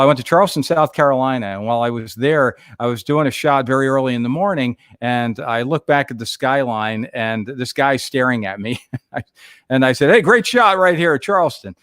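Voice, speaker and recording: A middle-aged man, a radio host, chatting casually on a livestream and telling stories with lively acted-out quotes. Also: medium pitch, no room sound, clean studio sound. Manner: animated storyteller, acts out quotes.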